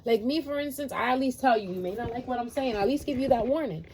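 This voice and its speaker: A woman's voice: a little high, fast, darkish tone, a little hiss or hum. A woman giving a blunt, profane and passionate horoscope talk as a tarot reader. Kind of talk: casual horoscope monologue.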